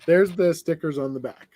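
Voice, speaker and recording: A man's voice: on the high side, darkish tone, dry recording. A man hosting a casual building stream, chatting easily and laughing as he tells stories. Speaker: host. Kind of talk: casual chat while building sets.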